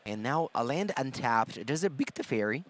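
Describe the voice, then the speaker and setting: A man's voice: medium pitch, animated, moderate pace. A man giving live color commentary on a card game, explaining plays analytically and thinking aloud with frequent fillers.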